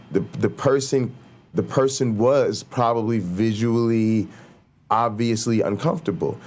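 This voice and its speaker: A fired-up man hosting his own show, venting at length in a lowish voice. He circles back, repeats himself for emphasis, and stumbles through restarts as he gets heated. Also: darkish tone. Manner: heated, repetitive, talks in restarts and mock quotes. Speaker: show host. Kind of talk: ranting casual talk show monologue.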